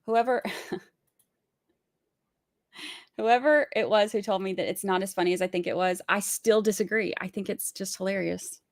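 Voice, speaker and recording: A woman's voice: medium pitch, fairly even intonation, moderate pace, pauses often, dry recording, clean studio sound. A sleep-deprived woman, chatting casually and rambling with giggles as a livestream host. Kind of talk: casual chat.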